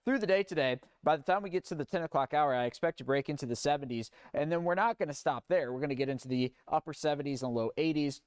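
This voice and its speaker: A young man delivers a live weather forecast with an easygoing, conversational flow. His voice sounds smooth and resonant, and it is recorded close and dry with no room sound. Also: on the high side, fast talker, hardly any pauses, dry recording. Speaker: meteorologist.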